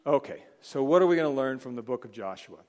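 Animated preacher in a reverberant hall. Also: male voice, medium pitch, quick pace. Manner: animated, acts out biblical figures in voices. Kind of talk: sermon.

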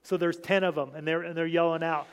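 A man's voice: fairly high pitch, steady tone, quick pace, clear, resonant tone. A man preaching an informal sermon, talking to his congregation with many restarts and asides. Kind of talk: informal sermon reading scripture. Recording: long hall reverb.

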